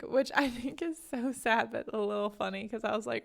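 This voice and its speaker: A young woman with a slightly high voice hosts a casual book podcast. She talks in a chatty, easygoing way and acts out the characters' lines with big jumps in pitch. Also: a little fast, gravelly. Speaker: podcast host.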